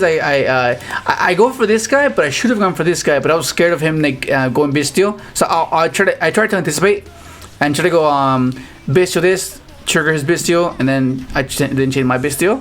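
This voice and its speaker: A man giving casual, rambling commentary on his own card game matches, with frequent restarts and excited outbursts. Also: on the high side, moderate pace. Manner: rambling, restarts often, animated exclamations.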